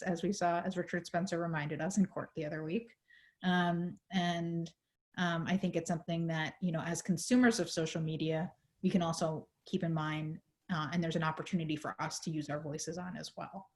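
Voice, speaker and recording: A woman on a video call explaining a legal case in a panel talk, measured, with many fillers, her voice going hoarse. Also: fairly low pitch, mellow. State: losing her voice. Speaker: legal advocate in a panel discussion.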